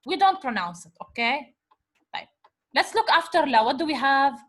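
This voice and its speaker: A woman's voice: high-pitched, very animated, a bit bright. A woman teaching a recorded revision lecture, patiently sounding out words syllable by syllable, mixing English and Arabic and often checking in with "okay?". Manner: slow, patient syllable-by-syllable decoding; repeats "okay?" to check understanding.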